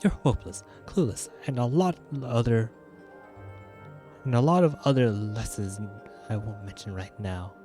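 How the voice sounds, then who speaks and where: A man voicing a timid, gentle young woman from a video game, reading her lines in a raised, hesitant, girlish voice. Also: animated, a little fast, soft background music, natural voice. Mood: scolding. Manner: hesitant, apologetic, put-on high girlish voice. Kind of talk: reading game dialogue aloud in character.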